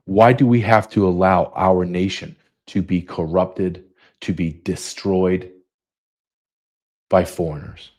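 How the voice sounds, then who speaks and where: Deep, dark-voiced man in his fifties. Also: steady tone, slow. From United States. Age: 50s. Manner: emphatic, repetitive. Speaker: podcast host. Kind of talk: monologue.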